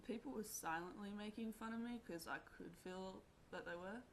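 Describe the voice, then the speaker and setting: A young woman telling a personal story to camera in a rambling, halting way, full of fillers. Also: medium pitch, a little hiss or hum. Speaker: vlogger.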